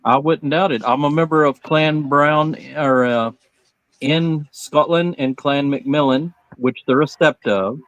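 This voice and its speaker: An earnest man chatting as a guest about clans and ancestry, his voice slightly higher than most men's. The sound is dry and close. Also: unhurried, fairly bright tone, no echo, poor audio. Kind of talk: casual chat.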